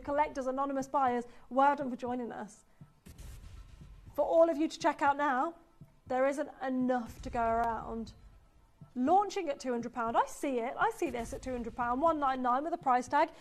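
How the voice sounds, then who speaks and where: Lady doing a live tv jewellery sale, high voice, gushing and pushy about prices. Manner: enthusiastic, persuasive, reads out viewer messages. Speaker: shopping channel presenter. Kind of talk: live TV sales pitch.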